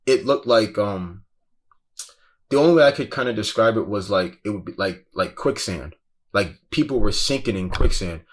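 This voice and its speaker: Male guest, lowish voice, casual profane storyteller, intense. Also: expressive, moderate pace, a little hiss or hum. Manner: profane, slangy, keeps saying "bro"; intense, breathless retelling. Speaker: guest recounting a festival crowd crush.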